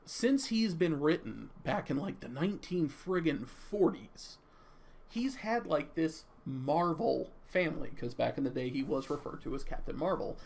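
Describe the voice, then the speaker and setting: A man's voice: on the high side, lively intonation, moderate pace, vocal fry, darkish tone. A young man giving an off-the-cuff movie review in a chatty, rambling way, stammering now and then.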